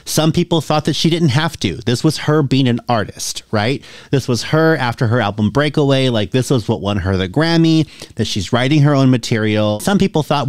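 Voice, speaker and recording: A man's voice: medium pitch, brisk, few pauses, a little mellow, dry recording, clean studio sound. A man hosting a casual reaction video, chatty and opinionated, laughing often as he talks. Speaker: host.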